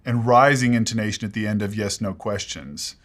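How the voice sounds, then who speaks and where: A man explaining English pronunciation in a lesson, measured and precise, giving spoken examples. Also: lowish voice.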